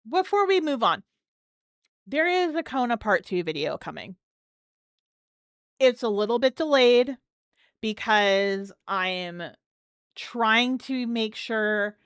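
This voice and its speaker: Slow-talking smooth woman streamer. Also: mid-range voice, a bit bright, no echo, studio quality. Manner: chatty, keeps thanking chat supporters. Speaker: live-stream host. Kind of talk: casual live-stream commentary.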